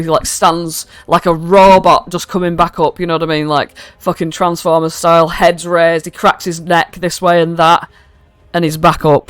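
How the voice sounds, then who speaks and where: Woman as game master, casual sweary narration, smooth close dry sound. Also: deep voice, no room sound. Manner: casual and swearing, with many fillers. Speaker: dungeon master.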